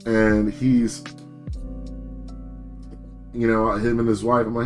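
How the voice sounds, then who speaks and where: A man's voice: mid-range voice, monotone, slow pace, long pauses, faint music behind. A man streaming as a VTuber, ranting in a casual, rambling way and swearing freely while telling stories on himself. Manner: rambling, profane, self-deprecating.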